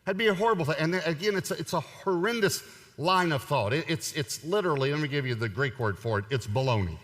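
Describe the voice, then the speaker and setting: A man's voice: fairly high pitch, a little fast, a bit bright. A man preaching a sermon in a conversational, humorous way, driving points home by repeating them. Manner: conversational, humorous, emphatic repetition. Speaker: pastor. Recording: long hall reverb.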